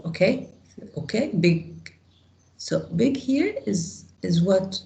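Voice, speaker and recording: A woman's voice: mid-range voice, animated, slow pace, vocal fry, mellow, reverberant, low-quality recording. A woman teaching an English grammar lesson to a class, explaining step by step and asking the students questions.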